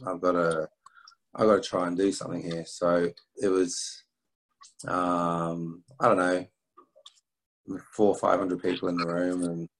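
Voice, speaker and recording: A middle-aged man from England, telling a personal story as an interview guest, halting with restarts and fillers. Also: sits low, poor audio. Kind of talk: reflective storytelling.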